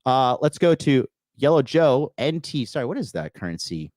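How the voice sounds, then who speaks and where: A man's voice: mid-range voice, sing-song, moderate pace, a little mellow, no echo. A man in his thirties hosting a call-in coaching show, talking in a boastful, profane, emphatic way with lots of fillers. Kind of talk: casual livestream monologue.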